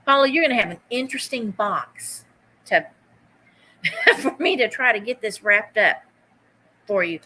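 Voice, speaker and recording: A woman's voice: fairly high pitch, expressive, a little slow, long pauses, pushed and bright, rough recording. A woman hosting a live online vintage sale. She chats casually, greets viewers by name while she takes bids, and drops easy asides. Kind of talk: live-stream auction chat.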